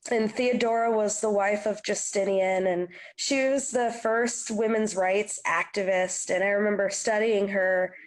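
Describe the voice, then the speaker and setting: A woman's voice: mid-range voice, unhurried, hardly any pauses. A young adult woman, a singer-songwriter, chatting in an interview and acting out the people in her stories. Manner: animated storyteller, acts out quotes. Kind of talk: casual interview chat.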